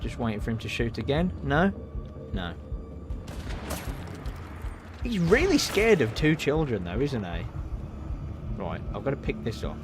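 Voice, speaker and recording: Excitable man streaming a game. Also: mid-range voice, music in the background. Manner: excitable, swearing, quick reactions and laughs. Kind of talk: live gameplay commentary.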